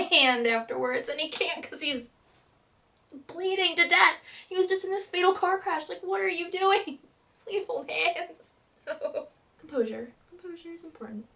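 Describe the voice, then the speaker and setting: Young female fan vlogger, dramatic and gushing, high voice, a little distant from the mic. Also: a little slow, vocal fry. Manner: gushing, breathless and dramatic, with laughs and swings in loudness. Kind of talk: excited TV episode recap.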